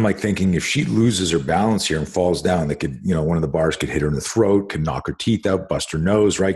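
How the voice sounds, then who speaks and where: A man's voice: low voice, slightly rough. A middle-aged man hosting a casual conversation, telling rambling stories full of fillers and restarts and swearing casually. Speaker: host.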